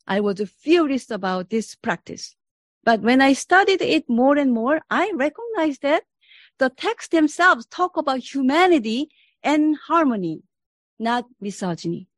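A woman's voice: high-pitched, big pitch swings, no room sound. A woman from Korea giving a formal, reflective spiritual presentation as a professor. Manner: earnest and reflective, deliberate delivery.

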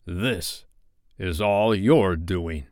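Menacing storybook pirate captain, read by a man; low and deliberate. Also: a little mellow, no room sound, studio quality. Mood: grim. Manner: slow, low, grave.

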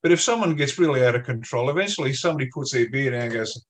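A man with an Australian accent talks in an interview at a mid pitch. He is blunt and emphatic, and he tells colloquial stories. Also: lively intonation, quick pace. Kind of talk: interview discussion.

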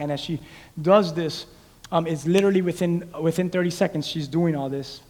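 A man preaching a sermon, calling on the congregation and swinging from loud exhortation to hushed storytelling. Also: a little high, steady tone, brisk. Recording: live in a reverberant hall.

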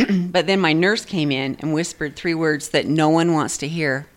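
A woman's voice: sits low, normal speed. A woman co-hosting a podcast, teasing and laughing often in casual chat. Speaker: podcast co-host.

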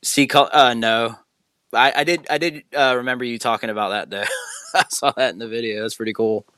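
A man appearing as a guest on a podcast, speaking hesitantly, with frequent pauses and restarts. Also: mid-range voice, fairly even intonation, pushed and bright, clear, resonant tone, no room sound. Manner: hesitant, many fillers and restarts. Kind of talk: casual chat.

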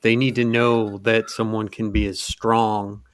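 A male podcast co-host with a fairly low voice speaks gently and supportively to his guest. He often repeats a word as he finds his sentence. His sound is dry and close. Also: flat delivery, unhurried, dry recording. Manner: supportive, stammers with repeated words. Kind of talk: conversational interview.

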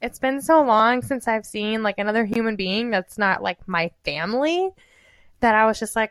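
A woman in her twenties, co-hosting a podcast, telling a story in casual chat and acting out every quote with animated swings of voice. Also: moderate pace, smooth, no echo, studio quality. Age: 20s. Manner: animated, acts out quoted dialogue with big pitch jumps and laughter. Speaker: podcast co-host.

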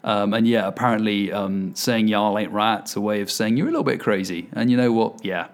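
A man's voice: fairly low pitch, fairly quick. A man hosting his podcast solo, chatting casually and poking fun at himself with plenty of fillers. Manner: chatty and self-deprecating, with fillers. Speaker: podcast host.

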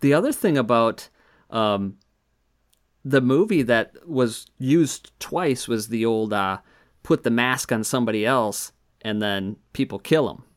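A man appears as a guest on a casual podcast, talking horror movies. He is animated and laughs easily. He jumps into acting out scenes as he goes. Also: medium pitch, unhurried, no room sound, studio quality. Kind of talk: casual chat about horror films.

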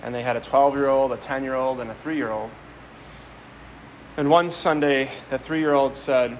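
A Catholic priest with a mid-range, fairly even voice delivers a homily at a moderate pace. He speaks conversationally, tells stories, and often repeats words, on a low-quality recording with slight background noise.

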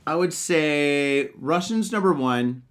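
A man co-hosting a drinking talk show in Japan, chatting casually with a lot of swearing and loud storytelling. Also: fairly high pitch, slow. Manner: loud, profane, animated storytelling. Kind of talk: casual chat.

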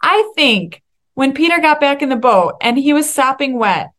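A young woman hosting a solo faith-based podcast, talking in an excitable, emphatic way and at times laughing or tearing up. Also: high voice, moderate pace. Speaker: podcast host.

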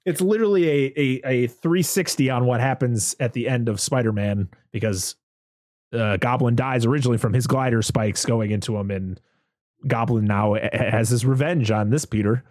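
A man talks through a movie scene by scene, loose and rambling, dropping curse words as he goes. His voice sits at an ordinary middle pitch, and the recording is dry and close with no room sound. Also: moderate pace, dry recording. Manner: rambling, animated, swears freely. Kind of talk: casual chat recapping a movie.

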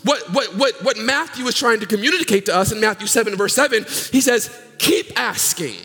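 A male pastor preaching a sermon, swinging from loud sung peaks down to low murmurs in call-and-response style. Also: brisk. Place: church sanctuary. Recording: long hall reverb with faint music.

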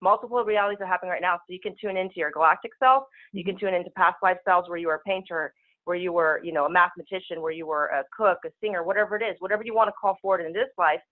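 A woman speaking as a spiritual healer guest, talking very fast in casual, rushing speech over a telephone call-in. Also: on the low side. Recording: tinny phone line.

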